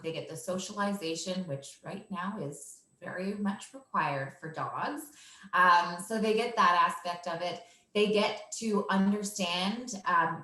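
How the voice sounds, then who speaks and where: Confident woman dog trainer, crisp forceful tone, talks through her methods plainly. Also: fairly low pitch, reverberant. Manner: assured, explanatory, laughs easily. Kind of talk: casual interview answers.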